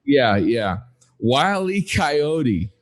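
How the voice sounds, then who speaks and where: A man co-hosting a podcast in casual chat, unhurried and hesitant, with many fillers. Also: medium pitch, sing-song. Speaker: podcast co-host.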